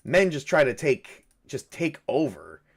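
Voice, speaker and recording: A man's voice: medium pitch, big pitch swings, unhurried, slightly rough. Man narrating a solo tabletop game. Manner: thinks aloud, hesitant with many fillers. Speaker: game master and solo player.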